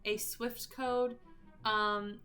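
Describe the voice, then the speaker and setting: A woman's voice: medium pitch, flat delivery, very slow, sharp tone, soft background music. A woman vlogging in a casual chat about baiting scammers, amused and talking loosely with lots of "like". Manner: chatty and amused, peppered with "like".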